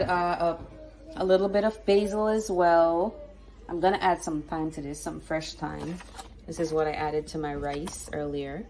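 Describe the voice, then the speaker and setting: A woman cooks in her home kitchen and chats her viewers through each step at an unhurried pace. Her voice sits fairly low, and she drops in small approving hums. A faint hiss sits under the recording. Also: darkish tone, low-quality recording. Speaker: home cook and vlogger. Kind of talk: casual cooking demonstration.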